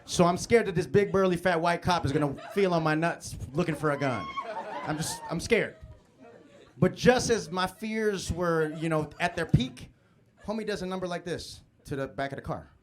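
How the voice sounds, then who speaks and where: Man, stand-up comedian, live club set, slightly high voice, animated storyteller, handheld mic. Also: normal speed. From born in the Philippines, grew up in Chicago. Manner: animated storytelling, acting out scenes.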